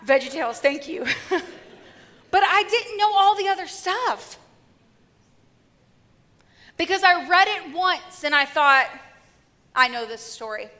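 High, bright woman preaching in a hall. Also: slow pace, long pauses. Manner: lively, humorous storytelling. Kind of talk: sermon.

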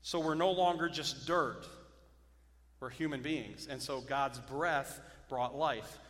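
Pastor preaching in a reverberant church. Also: male voice, medium pitch, slow pace, fairly bright tone. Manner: repeats key phrases, checks in with "Amen?" and "okay?". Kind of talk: sermon. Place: church sanctuary.

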